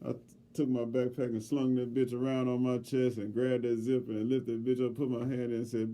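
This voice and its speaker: A middle-aged man co-hosting a podcast, telling a story in casual chat with heavy profanity and lively, loud swings when he quotes himself. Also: medium pitch, a little fast. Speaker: podcast co-host.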